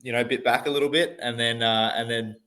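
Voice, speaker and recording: A man's voice: medium pitch, steady tone, a little fast, sharp tone. A man and father, a podcast guest, talking casually in a hesitant way with many restarts. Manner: hesitant, full of fillers and restarts. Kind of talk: casual chat.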